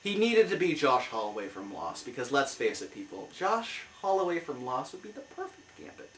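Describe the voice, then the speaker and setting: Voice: medium pitch, sing-song, normal speed, fairly bright tone, distant mic, a little hiss or hum. A comic review show host rants through a movie review, heated and exasperated. The voice sits back from the mic in a roomy, echoing space.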